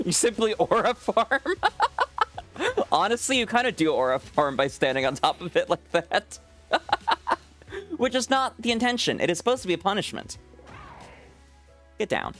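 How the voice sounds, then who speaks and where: A man's voice: sits high, wildly swooping pitch, measured pace, long pauses, a bit bright, faint music behind. A man streaming a game and chatting with viewers, teasing them, swearing freely and laughing often. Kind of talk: casual live-stream chat with viewers.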